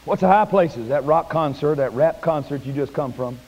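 A man preaching a sermon in a church, folksy and plain-spoken, climbing to high shouted peaks. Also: moderate pace, lo-fi sound. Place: church sanctuary.

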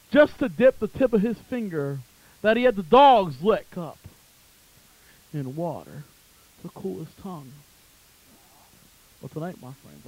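A man preaching a fire-and-brimstone sermon, swinging between loud shouting and low, intense tones. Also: slight background noise, rough recording.

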